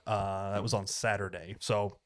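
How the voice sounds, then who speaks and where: A man's voice: lowish voice, little pitch movement, moderate pace, fairly bright tone, no room sound, clean studio sound. Easygoing American man hosting a podcast. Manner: rambling, easygoing storytelling with fillers. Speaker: podcast host. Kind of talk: casual chat. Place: small home studio.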